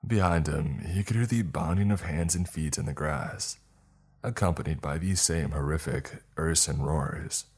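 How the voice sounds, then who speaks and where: A man reading a horror story aloud in a slow, measured storytelling voice. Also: rumbling low, slightly rough. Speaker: narrator. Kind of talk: scripted horror narration.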